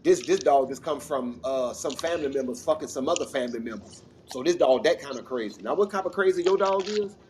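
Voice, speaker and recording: A man from Mississippi telling a rambling, animated story in casual chat, swearing freely and acting out what people said. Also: medium pitch, fairly quick, few pauses. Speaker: regular panelist. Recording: noisy audio-chat recording.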